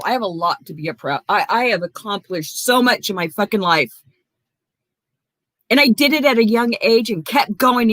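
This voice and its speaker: This is an angry livestream rant: the female host confronts viewers by name and swears a lot. She speaks at a medium pitch with a slightly bright tone, and there's no room sound.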